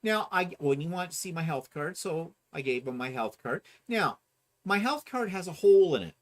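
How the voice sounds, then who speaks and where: Guy telling a story, voice goes up and down a lot, acts out other people. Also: normal speed. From Ontario, Canada. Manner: animated, mimics other people with high voices. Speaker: co-host. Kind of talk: casual storytelling chat.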